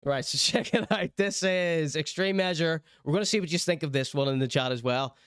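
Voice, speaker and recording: A man's voice: fairly high pitch, a little fast, fairly bright tone, clean tone, no room sound, clean studio sound, faint music behind. A young man with a Northern Irish accent, hosting a live stream, reading out chat and commenting in a wry, sardonic, mock-indignant way. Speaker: streamer and show host.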